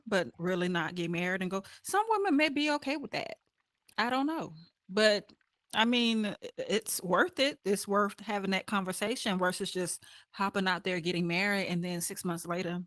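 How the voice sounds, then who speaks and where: A woman talking in a casual group discussion, animated and acting out quoted voices. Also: medium pitch, no echo. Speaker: panelist.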